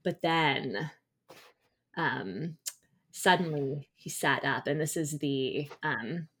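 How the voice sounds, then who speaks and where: Low-voiced woman, chatty and enthusiastic. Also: slow pace, a bit bright, breathy edge. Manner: enthusiastic, rambling, many fillers and restarts. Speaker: podcast host reviewing a picture book. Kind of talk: casual chat.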